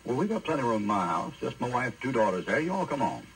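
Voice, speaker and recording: A man's voice: medium pitch, sing-song, fast, a little hiss or hum, close to an everyday voice, rough recording. A man preacher voicing Lot, a folksy, hospitable old man who drawls and stammers. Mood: friendly.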